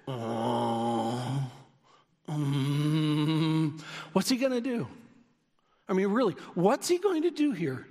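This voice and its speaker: A man preaching a sermon in a lively way, sometimes raising his voice to a shout for key lines. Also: fairly high pitch, slow pace, pauses often. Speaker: pastor. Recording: long hall reverb.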